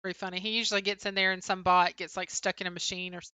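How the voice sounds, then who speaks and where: A woman's voice: lowish voice, little pitch movement, very fast, bright, forceful tone, clear, resonant tone, no room sound. A young woman co-hosting a livestream, casually chatting and answering viewers' comments with frequent "um" fillers. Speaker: livestream co-host.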